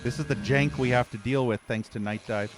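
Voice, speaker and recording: A man's voice: medium pitch, fairly quick. A male gaming streamer with a mid-range voice talks over faint game music, swearing and ranting about the game. His commentary is frustrated and profane, broken up by exasperated sighs.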